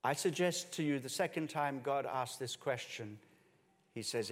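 A man preaching a sermon, swinging between hushed low passages and raised emphatic ones. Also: animated, unhurried. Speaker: pastor. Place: church hall with congregation and musicians. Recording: long reverb of a church hall.

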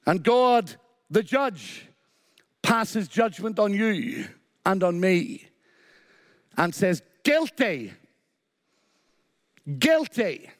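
A man's voice: high-pitched, animated, drawn-out words, long pauses, studio quality. A man preaching a sermon with emphatic, repeated phrases and a short story woven in. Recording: long hall reverb.

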